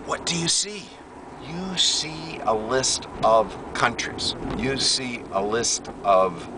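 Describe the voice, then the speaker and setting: An American man, an English teacher, earnestly pitching his ideas in a rambling monologue while sitting in a car, often correcting himself mid-sentence. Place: inside a car on a city street. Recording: distant mic with loud road noise.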